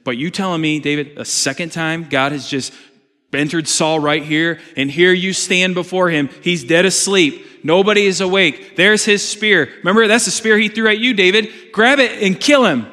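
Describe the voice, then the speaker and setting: A man acting out the voice of insistent male servants urging a killing, rising toward a shout, within a sermon in a large reverberant hall. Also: sits high, normal speed, voice pushed up.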